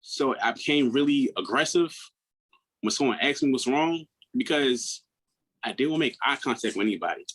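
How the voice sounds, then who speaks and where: A man in his thirties, a podcast guest, telling his own story in a candid, earnest way, often restarting his words and acting out what others said in a higher voice. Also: lively intonation, normal speed, a bit bright, breathy edge, poor audio. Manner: acts out quoted people in a raised voice.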